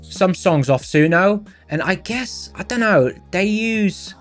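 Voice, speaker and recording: A man's voice: high voice, animated, slow. A man from England hosting a live stream, chatting casually and reading out viewer comments with lots of fillers. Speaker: livestream host. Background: faint background music.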